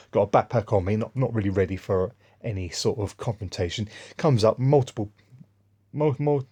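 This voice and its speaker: Un hombre con acento inglés que cuenta historias en un vlog, de forma dispersa y con tono de agravio. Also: male voice, lowish voice, a little mellow. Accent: English. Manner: rambling, aggrieved, restarts often. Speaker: vlogger. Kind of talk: casual spoken monologue, storytelling.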